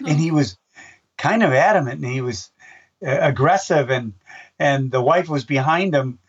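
A man's voice: on the high side, normal speed, husky. An older man, a race announcer, telling stories in a casual interview, rambling with restarts and acting out voices in his anecdotes. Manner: rambling, with many restarts and fillers. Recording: dull, distant-sounding recording.

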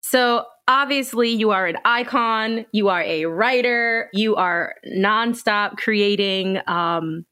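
A woman hosting a podcast, in a mid-range voice, with a dry, close sound. She asks her questions in an eager, casual manner, often speeding up in quick bursts. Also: mid-range voice, pushed and bright, smooth, no room sound. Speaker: podcast host. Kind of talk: casual interview.

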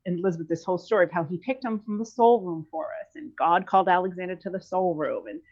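A woman's voice: lowish voice, fast talker, darkish tone. A woman in her thirties talking candidly in an interview, rambling with many fillers and restarts. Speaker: guest. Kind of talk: conversational podcast interview. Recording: dull lo-fi sound.

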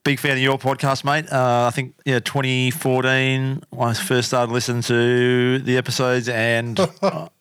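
A man who is a guest on a podcast, talking in a relaxed, modest way with lots of fillers. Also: medium pitch, measured pace, hardly any pauses, clear, resonant tone, no room sound, clean studio sound. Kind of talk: casual interview.

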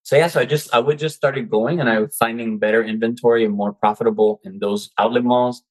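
A man's voice: medium pitch, fairly even intonation, fast talker, rough recording. A man who is a guest coach on an interview show, speaking in casual chat and acting out his own quoted reactions. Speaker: guest, seller turned coach.

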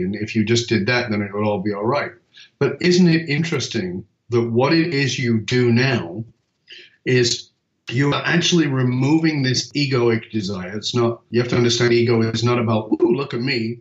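A man talks as a purpose coach in a podcast chat, driving his points home with emphatic stories and the odd swear word. His voice sits at an ordinary pitch for a man. The sound is roomy with echo and comes across slightly dull and muffled. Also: normal speed. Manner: emphatic storytelling, casual swearing. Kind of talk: conversational podcast talk.

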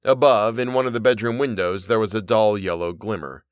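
A man reading a Victorian short story aloud as storyteller, in steady, measured narration. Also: fairly low pitch, clean tone, no echo, clean studio sound.

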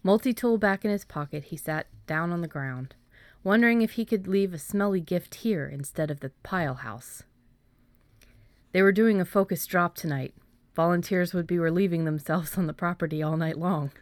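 A woman, an author, reading her own story aloud in a measured way and then chatting about it with hesitant fillers. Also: on the low side, dry recording. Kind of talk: storybook narration, then casual chat.

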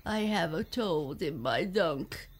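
A big gentle storybook elephant with a heavy cold talks through a stuffed-up, sniffly nose, as a woman puts him on. The voice is slow and slightly gravelly. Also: low-pitched, lively intonation, exaggerated voice. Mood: stuffy. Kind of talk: bedtime storybook reading.

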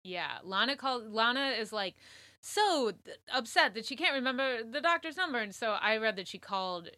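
Co-host, woman: bright, animated chatter with frequent laughs and casual swearing, dry close mic. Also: a little high, moderate pace, dry recording. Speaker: podcast co-host. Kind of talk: casual true-crime chat.

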